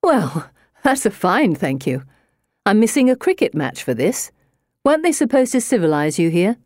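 A sneering young gentleman from an audiobook, quick to mock and brush his sister aside, as a woman narrator puts him on. The delivery stays mellow and dry, close to the mic. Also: mid-range voice, big pitch swings, no room sound, close to an everyday voice. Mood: scornful. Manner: sneering, dismissive. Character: mocking condescending young brother, a man.

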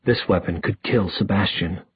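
A man voicing a determined young woman heroine, speaking quietly and in a measured way. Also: low-pitched, slightly rough, no echo, highs cut off. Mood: resolute.

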